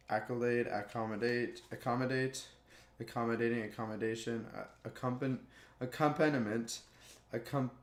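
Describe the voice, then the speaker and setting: A man's voice: medium pitch, roomy sound. A man reading dictionary words aloud one after another, tripping over hard words and chuckling at his slips. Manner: monotone word list with stumbles and chuckles. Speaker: YouTuber.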